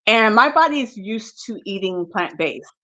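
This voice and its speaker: A woman's voice: mid-range voice, animated, moderate pace, sharp tone, no echo, lo-fi sound. A woman guest telling her story candidly and expressively in a casual interview, with frequent fillers.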